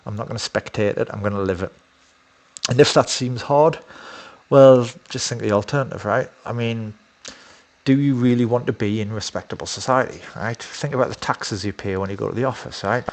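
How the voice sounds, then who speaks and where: A man's voice: mid-range voice, moderate pace, a little mellow. A man talking in a casual, rambling monologue, blunt and profane with many fillers. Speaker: dating coach.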